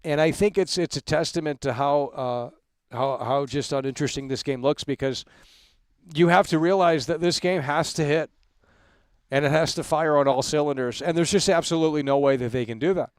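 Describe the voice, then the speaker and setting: A man hosts a casual livestream talk show, piling on repeated hype catchphrases for his viewers. His voice sits a bit high and comes across smooth and resonant. He rambles with frequent restarts, and the sound is close and dry. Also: brisk, no room sound. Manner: emphatic hype shout-outs with repeated catchphrases.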